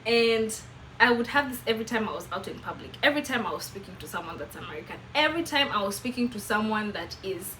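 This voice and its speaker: A young Kenyan woman with a Kenyan English accent, telling a chatty, animated, self-mocking story to camera. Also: mid-range voice, quick pace, slight background noise, rough recording. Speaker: vlogger.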